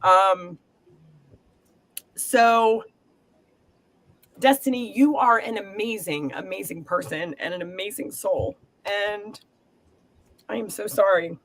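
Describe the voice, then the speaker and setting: A woman's voice: mid-range voice, slow pace, pauses often. A middle-aged woman giving an earnest, emotional psychic reading, reassuring and encouraging. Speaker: psychic reader. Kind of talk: live group reading.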